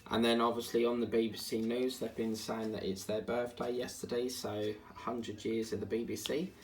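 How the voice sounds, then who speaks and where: A man's voice: medium pitch, little pitch movement, normal speed. A man chatting casually and grumbling in asides while working on a diamond painting at home. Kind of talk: casual chat while crafting. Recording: distant mic, faint background hiss.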